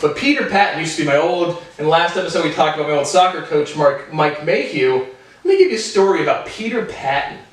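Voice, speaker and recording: High-voiced young man rambling in echoey room. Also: fairly quick. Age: 20s. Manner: rambling, profane, animated tangents. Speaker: vlogger. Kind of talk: rambling personal monologue to camera. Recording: very echoey room, voice far from mic.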